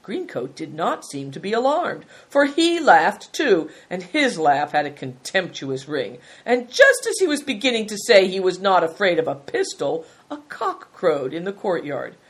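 A woman narrating an audiobook story in a steady, measured way. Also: on the low side, husky.

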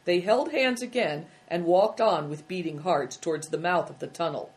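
A woman narrating a children's story in a measured, expressive reading. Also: fairly low pitch.

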